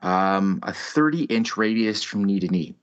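A man's voice: fairly low pitch, lively intonation, a little slow, clean tone. A man in his thirties hosting a podcast, telling a story in casual chat with heavy swearing and exaggerated ranting. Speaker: podcast host. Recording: slightly muffled lo-fi audio.

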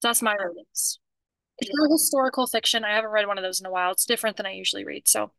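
A woman's voice: medium pitch, racing, gravelly, pushed and bright, no room sound. A woman co-hosting a podcast in casual chat, talkative and often restarting her sentences. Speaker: podcast co-host.

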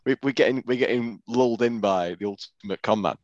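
A man's voice: mid-range voice, a little fast, darkish tone, no echo, highs cut off. A man on a video call, making wry remarks in a casual chat. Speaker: podcast co-host.

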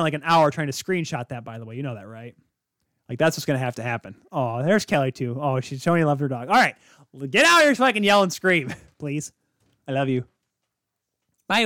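A man hosting a hockey podcast, rambling excitedly and calling his viewers kids. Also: fairly high pitch, no room sound, clean studio sound. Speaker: podcast host. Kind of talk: casual hockey talk.

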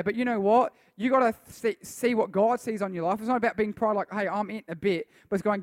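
A man preaching a lively sermon to a youth group, acting out voices and reading scripture aloud. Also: high voice, a little fast, no echo, studio quality. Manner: animated, acts out voices and reads scripture aloud.

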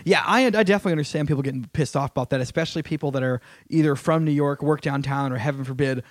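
A man hosting a comedy podcast, joking and quick to quip. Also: fairly high pitch, no echo, clean studio sound. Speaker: podcast host. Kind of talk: casual comedic chat.

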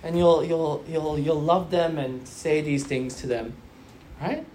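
A man's voice: a little high, slow pace, a little mellow, slight background noise. A man in his thirties preaching a sermon in a conversational way, asking rhetorical questions and explaining scripture. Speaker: pastor.

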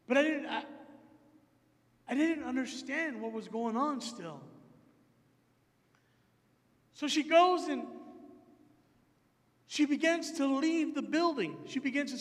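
A male preacher telling a story in his sermon, acting out both sides of the conversation with animated energy. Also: very high voice, big-room sound.

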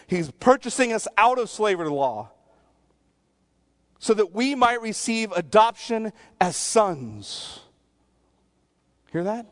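A pastor preaches a sermon in a voice that sits high, speaking earnestly. At times he drops to a soft near-whisper, and at times he pleads.

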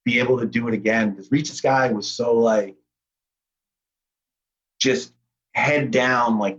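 A man's voice: mid-range voice, fairly even intonation, unhurried, long pauses, husky, dull audio. A man talking casually as a podcast guest, rambling in a laid-back way with lots of fillers. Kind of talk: casual conversation.

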